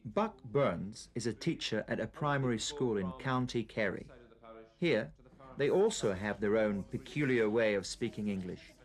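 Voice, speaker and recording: Man, scripted narration, clear teacherly tone, lively intonation. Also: fairly low pitch, normal speed. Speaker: programme narrator.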